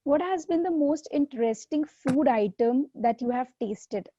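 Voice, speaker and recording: A woman hosts a casual interview, her voice sitting a little high. She sounds eager and admiring and laughs often. The recording is dull and lo-fi, and the sound is dry. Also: animated, a little slow, warm tone, slightly rough, no room sound. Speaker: interview host.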